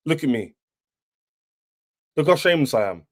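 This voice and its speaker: A man's voice: mid-range voice, expressive, normal speed. A young man hosting a football fan livestream, boastful and taunting, repeating himself as he rants. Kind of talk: livestream rant.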